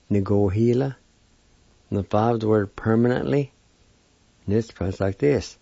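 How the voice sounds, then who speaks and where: A man teaching vocabulary in a patient, slow lesson, sounding out each word syllable by syllable. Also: lowish voice, gravelly, mellow, dry recording. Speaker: language teacher. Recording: dull lo-fi dry recording.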